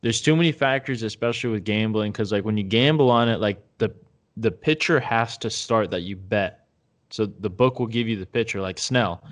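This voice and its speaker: A man's voice: fairly low pitch, normal speed. A man co-hosting a casual sports podcast. He rambles and hesitates, circling back with fillers and half-finished sentences as he works out his point. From Tampa Bay area, United States. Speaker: podcast co-host.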